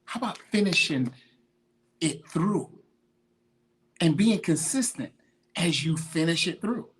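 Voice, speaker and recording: A man's voice: fairly high pitch, expressive, slow. Emphatic slangy man preaching fitness. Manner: greets viewers by name mid-talk. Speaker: podcast host, fitness motivator. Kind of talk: motivational monologue.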